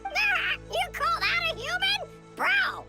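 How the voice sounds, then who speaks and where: A squeaky, hyper bro-shouting youngster. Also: female voice, very animated, slow, vocal fry, full character voice. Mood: excited. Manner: bouncy and exclamatory. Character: hyper excitable young friend saying bro. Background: game music.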